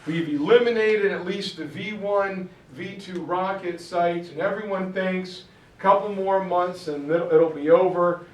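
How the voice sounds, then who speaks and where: A man teaching a history class to parents, telling the story with lively, acted-out quotes from the generals. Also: high voice, a little slow. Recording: roomy echo, mic at a distance.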